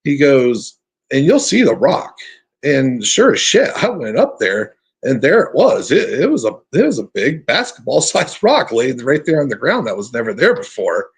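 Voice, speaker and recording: A man telling his encounter story as a podcast guest, earnest and halting, often restarting his sentences. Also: mid-range voice, wildly swooping pitch, breathy edge. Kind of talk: casual storytelling.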